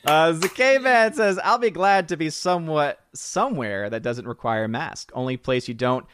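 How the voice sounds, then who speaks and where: A man's voice: a little high, moderate pace, noisy background. A man hosting a casual live stream, greeting viewers by name and reading chat comments. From southern United States. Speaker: livestream host.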